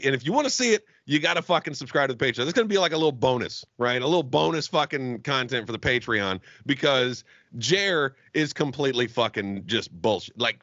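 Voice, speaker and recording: A man's voice: mid-range voice, a bit bright, no echo, dull audio. A man co-hosting a comedy podcast over a call, ranting in crude, mock-angry banter. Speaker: podcast co-host. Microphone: remote call mic.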